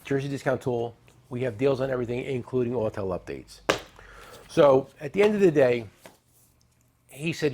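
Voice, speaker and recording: A middle-aged man hosting a tool show, chatting casually and joking as he pitches products and tells stories. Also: a little fast, a little mellow. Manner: joking, rambling, salesy with asides. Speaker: tool dealer and show host. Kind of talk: casual product talk and storytelling.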